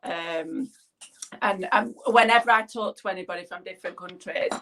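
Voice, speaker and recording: Speaking in a fairly low, gravelly voice with a fairly bright tone, this Yorkshire-accented Englishwoman talks at a moderate pace. She's a guest rambling chattily between makeup steps, frequently slipping into a giggle.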